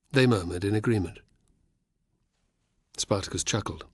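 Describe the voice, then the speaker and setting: A man narrating an audiobook in a measured, even way. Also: on the low side, breathy edge, dry recording. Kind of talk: scripted narration.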